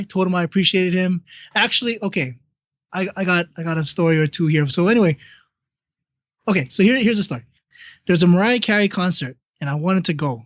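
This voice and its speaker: A man's voice: sits high, no echo. A man co-hosting a podcast, telling personal stories in a casual, blunt and profane way. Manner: blunt and profane, animated storyteller. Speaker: podcast co-host. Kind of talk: casual chat, personal storytelling. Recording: dull lo-fi, dry sound.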